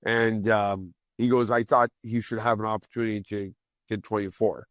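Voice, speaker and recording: A man in his forties, a former hockey player guesting on a podcast, telling rowdy stories in a casual, heavily profane way and loudly acting out the lines of other people. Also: lowish voice, moderate pace, dry recording, clean studio sound. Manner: profane, animated, acts out quoted lines loudly.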